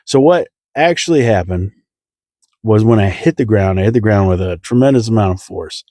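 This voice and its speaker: A man's voice: lowish voice, expressive, normal speed, warm tone, no room sound, clean studio sound. A man, a comedian hosting his own podcast, telling a rambling comic story and chuckling now and then.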